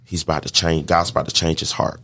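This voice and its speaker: A man with a very low, gravelly voice tells his story on a podcast. He acts out his past thoughts, and the sound is close and dry. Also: little pitch movement, fast talker, bright, forceful tone, no room sound. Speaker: catering business owner.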